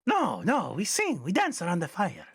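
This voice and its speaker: Casting: a man doing a friendly scarred goblin elder, squeaky high and swooping. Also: huge pitch swings, moderate pace, fairly bright tone, husky, exaggerated voice. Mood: welcoming. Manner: high sing-song eager welcome.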